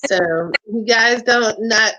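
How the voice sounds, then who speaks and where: A woman's voice: a little high, slow pace, pushed and bright. A woman hosting a casual holiday chat over a video call, playful, laughing often and breaking into bits of song. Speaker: host.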